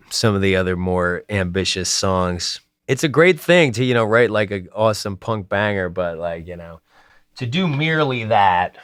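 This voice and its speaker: Rambling man with a smooth, low voice. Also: no echo, clean studio sound. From New Jersey. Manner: rambling, filler-heavy, with sardonic asides. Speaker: songwriter and band frontman. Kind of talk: casual retrospective interview.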